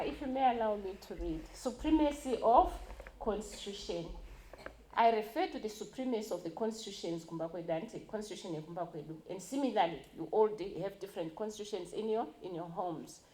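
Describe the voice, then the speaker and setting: A woman's voice: mid-range voice, dark tone, slight background noise. Emphatic woman in an echoey hall. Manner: emphatic, stresses key words, mixes in Shona phrases. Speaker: conference speaker. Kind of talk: public talk reading a constitution aloud. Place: university conference hall.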